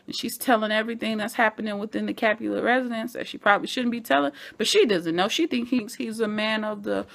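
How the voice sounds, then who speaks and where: A woman recapping a TV episode in a casual vlog, animated and chatty, talking straight to her fellow fans. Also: medium pitch, gravelly. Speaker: TV show reviewer.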